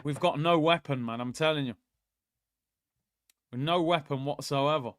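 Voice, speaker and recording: A young man hosting a live football watchalong, chatting about the match and reading out viewers' comments, often yelling at the players. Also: on the high side, moderate pace, dry recording, studio quality. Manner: excitable, shouts at the players during attacks. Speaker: watchalong host.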